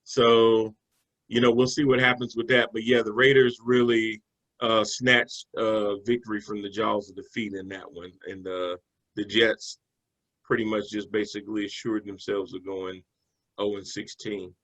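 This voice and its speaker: Bright-voiced man talking football. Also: fairly low pitch, flat delivery, moderate pace, low-quality recording. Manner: conversational, loose with fillers and restarts. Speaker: sports talk show co-host. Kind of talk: casual sports analysis chat.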